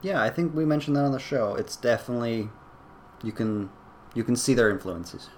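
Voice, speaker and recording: A man at a middle pitch talks through a casual gaming podcast, hesitant and full of fillers. He laughs easily and keeps his tone relaxed. A faint hum of background noise sits behind him. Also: brisk. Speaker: podcast co-host. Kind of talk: casual chat.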